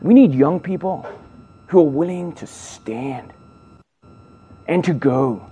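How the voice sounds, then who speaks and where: A man's voice: on the high side, takes it slowly, dark tone, husky. A middle-aged man preaching to young people in a playful, emphatic way, joking with his listeners. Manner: playful, jokes with the audience, emphatic build-ups. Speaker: speaker at a youth gathering.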